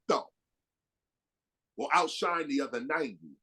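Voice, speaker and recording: A man with a husky voice gives a live motivational talk, preacher style. He sits high for a man and swings his pitch all over the place, leaning on slang and playing out the people he quotes. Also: very animated, unhurried. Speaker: guest speaker.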